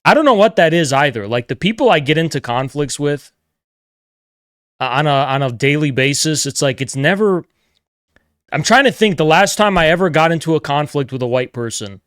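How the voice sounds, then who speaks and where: A man's voice: fairly high pitch, lively intonation, moderate pace, clear, resonant tone, dry recording, studio quality. A man livestreaming, ranting in a blunt, profane, exasperated way in casual monologue, at a desk mic indoors.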